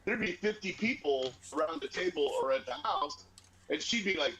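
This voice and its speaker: A man co-hosting a casual chat, telling family stories with lively put-on voices. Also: normal speed, low-quality recording. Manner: animated storyteller, squeaky voice for grandma. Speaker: podcast co-host.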